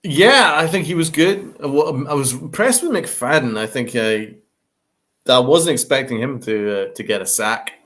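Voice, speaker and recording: A young man co-hosting a casual sports chat, with a middle-pitched everyday voice. He hesitates with frequent ums as he turns questions over to his partner. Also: lively intonation, moderate pace, a bit bright. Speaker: podcast co-host.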